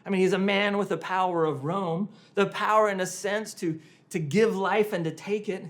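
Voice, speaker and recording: Dramatic pastor preaching with loud-hushed swings. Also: male voice, sits high, fairly even intonation, normal speed. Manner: dramatic retelling with sharp shifts between loud and hushed. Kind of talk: sermon.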